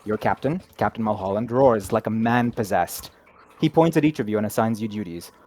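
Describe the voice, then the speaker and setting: Low-voiced male game master narrating. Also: a little fast, darkish tone. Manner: descriptive, laughs easily.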